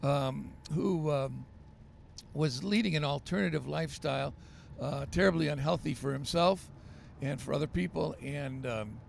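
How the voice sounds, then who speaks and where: Gravelly-voiced pastor telling stories. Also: male voice, a little high, moderate pace, slight background noise. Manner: animated storyteller with many fillers. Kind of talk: storytelling on a podcast.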